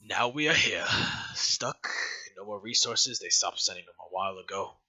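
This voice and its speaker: A man's voice: fairly low pitch, normal speed, bright, forceful tone, poor audio. A man playing a grim, weary rebel leader. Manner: gruff, grim and worn down. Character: weary male rebel leader on a cursed island.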